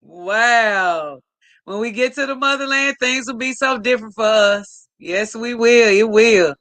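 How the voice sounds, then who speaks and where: A woman's voice: a little high, measured pace, fairly bright tone, no echo. A woman hosting a casual live stream, reading viewer comments aloud in an upbeat, effusive way.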